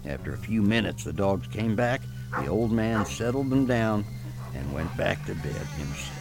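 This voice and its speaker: A man narrating a spooky folk tale in a folksy, slow storytelling manner. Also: on the low side, animated, vocal fry.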